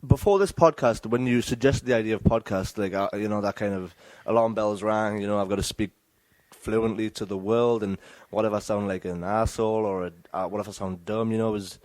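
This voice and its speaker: English man, podcast guest, lowish voice, dry close sound, hesitant, soft-spoken. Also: fairly even intonation, brisk, hardly any pauses, no echo. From England. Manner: hesitant, soft-spoken, self-doubting, many restarts. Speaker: wrestler guest. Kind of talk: casual podcast interview.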